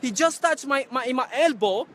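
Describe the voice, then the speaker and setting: A man livestreaming to his camera on a city street, ranting loudly and accusingly in non-native English phrasing. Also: very high voice, lively intonation, moderate pace, a little hiss or hum. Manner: loud, accusatory, repetitive ranting. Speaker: activist street vlogger confronting staff. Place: outdoors on a city street by a building entrance. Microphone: handheld camera or phone he speaks into.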